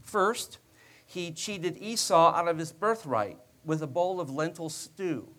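A high-voiced man preaches a sermon at a slow pace, retelling the story in a relaxed, conversational way. He mixes joking asides into the narration and addresses listeners as though chatting with them.

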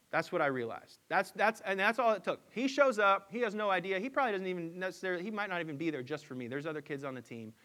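A man's voice: high-pitched, animated, fast, few pauses, pushed and bright. Storytelling preacher man, emphatic peaks. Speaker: pastor. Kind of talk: sermon with personal story.

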